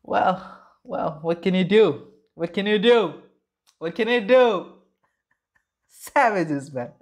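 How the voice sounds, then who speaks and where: A man's voice: high-pitched, animated, slow. A man casually reacting to video clips, exclaiming and repeating his phrases in disbelief.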